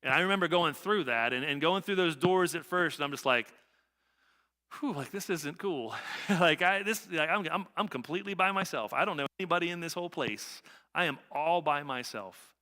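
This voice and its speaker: A middle-aged male pastor preaches a conversational sermon built around a personal story, repeating himself often and asking "right?" His voice is on the high side, brisk, bright and forceful, carried by the long reverb of a church sanctuary.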